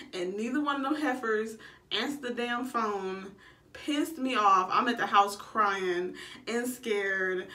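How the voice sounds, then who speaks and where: A woman's voice: mid-range voice, bright, forceful tone. A young woman, telling her labor story to camera in a blunt, casual way and swearing freely. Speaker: vlogger. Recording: echoey room, a bit far from the mic.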